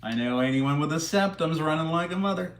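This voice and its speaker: A man's voice: a little high, a little fast. A man hosting a casual livestream, rambling and joking as he reads out and answers chat comments. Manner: joking, rambling, chuckling while reading chat. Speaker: livestream host. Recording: roomy echo.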